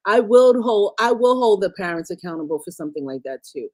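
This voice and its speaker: A woman's voice: mid-range voice, expressive, a little fast, darkish tone. A woman who is a mother, co-hosting a casual commentary show and talking in a blunt, emphatic way. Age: adult parent. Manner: emphatic, blunt street talk. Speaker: co-host.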